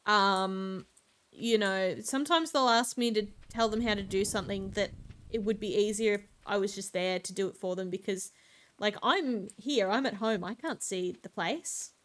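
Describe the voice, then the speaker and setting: A woman's voice: mid-range voice, moderate pace, fairly bright tone. A woman streamer telling a story in a chatty, exasperated way while gaming, with many filler ums.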